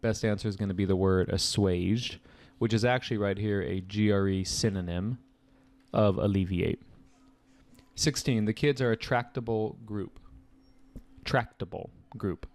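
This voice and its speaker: A young man explaining vocabulary answers as a test-prep tutor, chatty and casual with quick asides. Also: on the low side, a little mellow, no echo.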